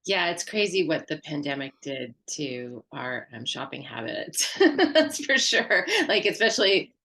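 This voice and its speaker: A woman hosting an interview, asking questions and agreeing in a relaxed, easy way. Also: deep voice, a little slow, gravelly. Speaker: interview host.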